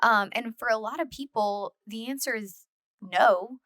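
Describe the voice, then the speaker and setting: A woman's voice: a little high, unhurried, a bit bright, dry recording, studio quality. A woman hosting a podcast, asking reflective questions and affirming her guest. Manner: reflective, affirming, frequent backchannel. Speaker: podcast host. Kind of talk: conversational interview.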